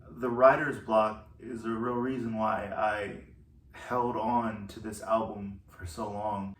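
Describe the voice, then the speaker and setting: A man, a musician, talking through how he wrote one of his album's songs in a slow, thoughtful way with pauses. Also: mid-range voice, reverberant, far from the mic, a little hiss or hum. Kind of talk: reflective solo talk.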